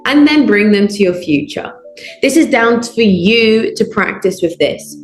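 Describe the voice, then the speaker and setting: A woman's voice: mid-range voice, animated, unhurried, soft background music. A woman coaching public speaking in an online lesson, emphatic and building up lists of short punchy phrases. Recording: roomy echo.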